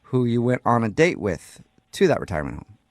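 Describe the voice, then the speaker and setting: A man hosting a morning radio show, joking with deadpan banter. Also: mid-range voice, fairly quick, no echo, studio quality. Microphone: studio mic.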